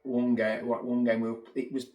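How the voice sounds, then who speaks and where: A middle-aged man, a former footballer telling animated stories as a podcast guest and acting out what people said. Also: medium pitch, a little fast. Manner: animated anecdotes, acts out quotes. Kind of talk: casual storytelling chat. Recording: roomy echo.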